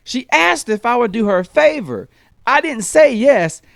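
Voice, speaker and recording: A man voicing a blunt, sharp little girl talking back to her father. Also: extremely high pitch, big pitch swings, normal speed, vocal fry, no echo, pitched above the performer's own voice, exaggerated voice. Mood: matter-of-fact.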